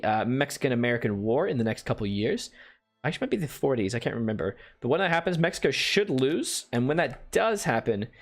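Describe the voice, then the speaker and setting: A man giving casual commentary as he plays a strategy game on a stream, explaining his moves, answering viewer chat and tossing in playful asides. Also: mid-range voice.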